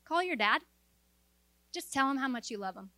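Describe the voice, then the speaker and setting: A woman's voice: sits high, lively intonation, pushed and bright, no echo. Earnest woman preaching, dry close sound. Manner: earnest and exhorting, with quick asides and acted-out quotes. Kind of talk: sermon to a women's audience.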